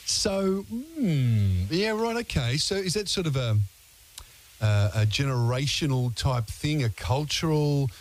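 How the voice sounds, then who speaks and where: A man's voice: fairly high pitch, lively intonation, slow pace. A man hosting an overnight radio interview, asking long, hesitant questions full of fillers. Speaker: radio host.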